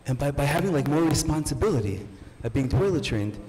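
A man performing a stand-up comedy set, telling stories in a halting, restarting way and acting out bits of dialogue. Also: medium pitch, expressive, a little mellow, a little hiss or hum. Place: comedy stage. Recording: echoey club room.

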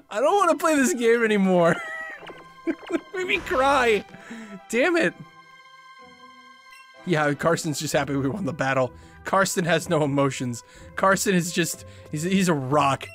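A man casually chatting while playing a video game, moving from low mumbles to excited outbursts. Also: moderate pace, faint music behind. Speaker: gaming video host. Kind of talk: casual let's-play commentary.

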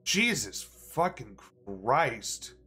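A man's voice: medium pitch, big pitch swings, drawn-out words, sharp tone, breathy edge, faint music behind. A man streaming a video game, chatting casually and reading in-game text aloud with playful mock drama.

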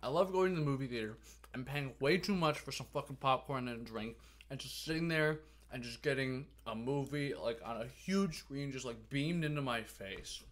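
Young man, podcast co-host, casual chat, animated, profane storytelling. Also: medium pitch, moderate pace. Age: young adult.

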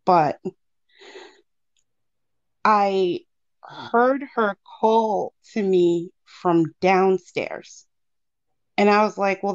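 Woman caller telling a ghost story, muffled line. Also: mid-range voice. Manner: animated, acts out quotes, many fillers. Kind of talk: casual storytelling. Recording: muffled lo-fi call audio.

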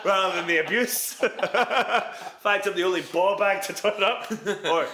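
A young man tells a story in a bright, forceful, fairly high voice, laughing and swearing as he goes. His voice bounces around an echoey room. This is a relaxed podcast chat between friends. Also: measured pace, a little hiss or hum. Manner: laughing, animated anecdote with profanity. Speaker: podcast co-host, karate student. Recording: roomy echo.

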